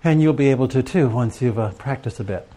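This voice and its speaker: A man's voice: mid-range voice, brisk, warm tone. A middle-aged man giving a sermon to a live audience, telling stories and asking rhetorical questions in a conversational way. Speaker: preacher teaching on prayer and journaling.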